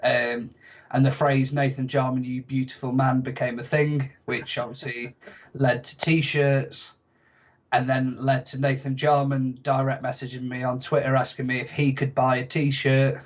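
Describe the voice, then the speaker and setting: A man's voice: medium pitch, little pitch movement, measured pace, dull audio. A young man telling stories as a podcast guest, chatty and self-mocking. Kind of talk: casual podcast chat.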